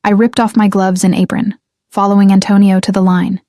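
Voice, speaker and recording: A young woman narrates a first-person story in a measured, restrained way. Her voice is mellow and dark, and her pitch stays very level. The sound is dry and close. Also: flat delivery, no echo.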